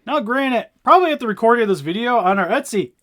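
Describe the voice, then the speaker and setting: A young man with a high, very lively voice chats excitedly while reviewing a toy figure. He rambles, trips over his words and keeps filling gaps as he goes. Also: quick pace. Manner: enthusiastic, rambling with fillers and laughs. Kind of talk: casual review chat.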